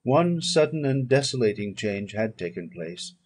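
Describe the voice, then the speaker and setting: A man reading a classic novel aloud as audiobook narration, in a measured, solemn manner. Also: on the low side, expressive, breathy edge. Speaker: audiobook reader.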